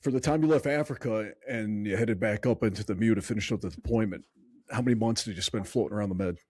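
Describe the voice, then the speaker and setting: Fast-talking low-voiced male podcast host. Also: a little mellow, husky. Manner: brisk, recaps the story with quick prompts. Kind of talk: casual interview questions.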